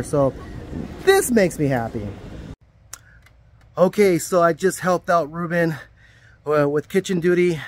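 Cheerful camp-counselor vlogger, man, a touch high in pitch, dry close sound. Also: no room sound. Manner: upbeat, rambling, self-deprecating. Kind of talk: casual vlog talk to camera. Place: outdoors at a summer camp.

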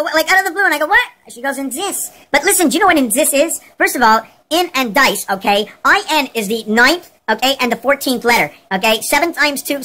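A woman vlogger rambling excitedly through a numerology monologue, peppered with "like" and "okay?" and swinging her pitch up and down. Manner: wide jumps in pitch within a sentence.

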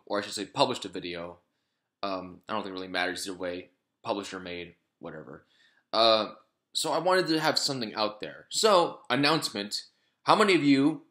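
A man's voice: medium pitch, a bit bright. A man talking casually to his vlog audience in a rambling way, with lots of fillers, restarts and swearing. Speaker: vlogger.

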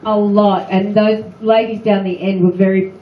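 A woman's voice: medium pitch, flat delivery, normal speed. Older aussie woman, self-mocking and giggly, dull recording with noise behind. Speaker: former cast member on a panel. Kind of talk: anecdotes at a fan luncheon. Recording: echoey room, dull sound, clear background noise.

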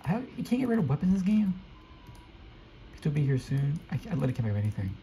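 A young man giving live, excitable commentary while playing a video game, often repeating quick exclamations. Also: on the high side, slight background noise, low-quality recording. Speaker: gameplay streamer.

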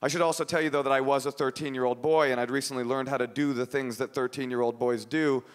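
A man from Oakland performing an animated, ironic stand-up set, then chatting as a guest on a radio show. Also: mid-range voice, long reverb tail. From Oakland, USA. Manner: animated, quick, ironic storytelling.

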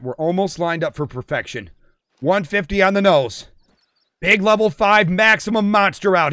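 A man streaming a hunting game, commenting with hype, whooping and shouting, then dropping to quiet murmurs. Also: sits high, moderate pace, clean tone, no room sound, studio quality. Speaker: gaming streamer.

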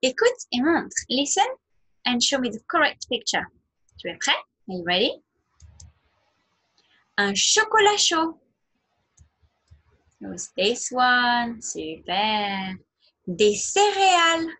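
A woman teacher giving a slow nursery language lesson, modelling words in a sing-song way for small children to repeat. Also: on the high side, animated, pushed and bright. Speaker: French teacher.

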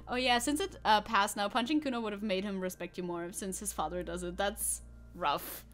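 A woman's voice: mid-range voice, normal speed, fairly bright tone. Crude, joking woman streamer. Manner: joking, crude, reads game text aloud. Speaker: VTuber streamer. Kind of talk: casual live-stream commentary.

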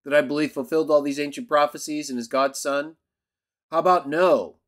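A man voicing a defiant elderly male martyr bishop, scornful and quick in his retorts. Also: on the high side, fairly even intonation, fairly bright tone, natural voice.

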